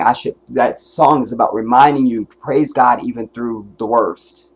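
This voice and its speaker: A man's voice: mid-range voice, normal speed, gravelly, few pauses, slightly rough. A man hosting a livestream and giving commentary in an angry, profane, emotional rant, at times close to tears. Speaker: livestream host.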